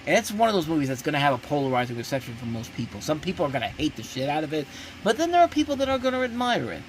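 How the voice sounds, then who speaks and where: A man hosting a movie review show, talking in a blunt, emphatic way with many restarts and sudden jumps in pitch. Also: big pitch swings, very fast, slight background noise. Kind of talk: casual ranting review.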